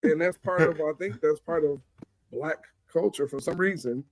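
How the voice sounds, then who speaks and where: A man chatting as a guest, animated and repeating words for emphasis. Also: on the high side, moderate pace. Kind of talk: casual chat.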